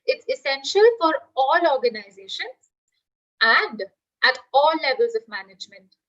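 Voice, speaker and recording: High-voiced woman teaching a live class. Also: sing-song, moderate pace, fairly bright tone, muffled recording. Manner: explains with everyday examples, asks the class questions. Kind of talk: live online class lecture.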